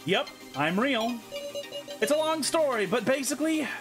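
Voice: high-pitched, expressive, moderate pace, over music, voice pushed up. A streamer voicing an easygoing returned man.

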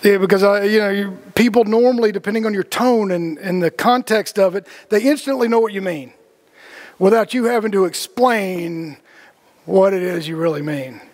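A man's voice: high voice, normal speed, darkish tone. A man leading a casual spiritual group talk, rambling with lots of fillers and the odd swear word. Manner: rambling, heavy on fillers and cussing.

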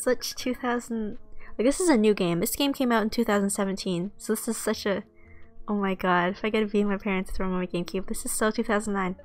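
A woman's voice: mid-range voice, fast talker, darkish tone, faint music behind. A woman streamer playing a visual novel, chatting and gushing with exclamatory reactions. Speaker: let's play streamer. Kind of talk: reacting while reading a visual novel aloud.

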